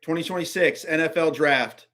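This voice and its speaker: A man with a high-pitched voice rants through a live draft reaction stream. He mutters low and grumbling, then bursts out louder in exasperation. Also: normal speed. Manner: exasperated ranting, swings from muttering to outbursts.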